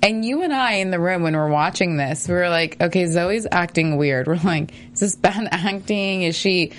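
A chatty woman talking quickly as a podcast co-host, recapping a TV episode and laughing often. Her voice sits a little low for a woman. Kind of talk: casual chat recapping a TV episode.

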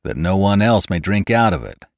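Give me a narrator putting on a sullen young herdsman, very deep and clipped, growled out close and dry. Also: very animated, normal speed, creaky, no echo, exaggerated voice. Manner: low, curt and growling. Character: sullen young male horse herdsman, brooding.

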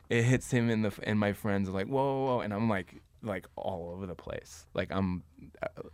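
Man, thirties, very low pitch, dry sound, casual storyteller, fillers, laughs. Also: fairly even intonation, unhurried, long pauses, no echo. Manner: laughing, rambling anecdotes with many fillers. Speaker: podcast guest.

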